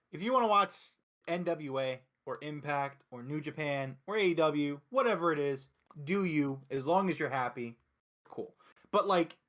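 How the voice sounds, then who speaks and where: A man from Philadelphia hosting a casual wrestling review show, talking excitedly and emphatically with frequent swearing. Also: a little high. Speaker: host.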